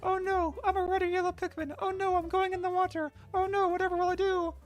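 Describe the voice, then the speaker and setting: A man doing a shrill panicky little game critter. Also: faint music behind. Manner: shrill, fast, flat whining. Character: panicky tiny squeaky male game critter.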